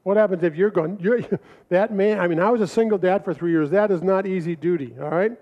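A middle-aged man telling animated personal stories to an audience, acting out quoted voices and laughing often. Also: high-pitched, fairly quick. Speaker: speaker presenting his family records manual. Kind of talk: storytelling talk to an audience. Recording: dull lo-fi recording.

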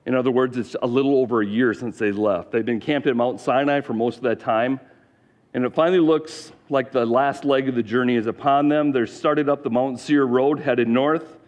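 A man's voice: mid-range voice, fairly even intonation, normal speed, a little mellow. A male pastor preaching a sermon, telling the story in a plain and earnest way.

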